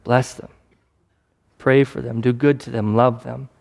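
Male preacher, mid-pitched, casual sermon delivery with acted asides, long hall reverb. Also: little pitch movement, a little slow, gravelly, a little mellow.

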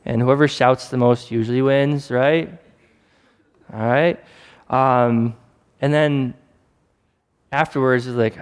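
Male preacher, mid-pitched, casual sermon delivery with acted asides, long hall reverb. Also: steady tone, measured pace, pauses often, clean tone.

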